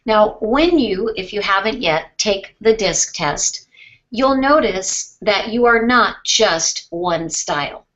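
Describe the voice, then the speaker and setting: Woman sales trainer, webinar coaching, calm, question-based, deliberate pauses, middle pitch, slightly muffled audio.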